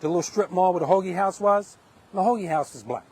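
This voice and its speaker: A man's voice: high-pitched, quick pace, a little mellow. A man from Hempstead, New York, with a North Carolina-tinged New York accent, giving a heated live stream monologue outdoors at dusk into a handheld phone camera. He rants, restarts and repeats words as he goes. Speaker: livestreamer. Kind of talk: impassioned street livestream monologue.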